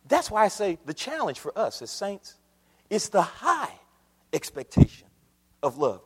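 Animated preacher in a reverberant church. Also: male voice, normal speed, slightly rough. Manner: animated preaching, pitch leaps on questions, folksy talk. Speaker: pastor. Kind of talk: sermon. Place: church sanctuary. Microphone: microphone on a stand.

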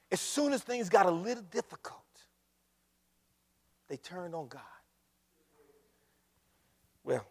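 A man preaching a sermon to his church, swinging between loud, shouted exclamations and hushed, whispered appeals. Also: high-pitched. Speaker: pastor. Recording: long hall reverb.

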